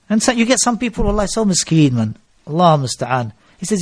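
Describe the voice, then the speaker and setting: High-voiced male preacher. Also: fairly quick, no room sound, studio quality. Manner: mixes Arabic phrases into English, animated storytelling. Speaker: Islamic preacher. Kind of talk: lecture to a gathering.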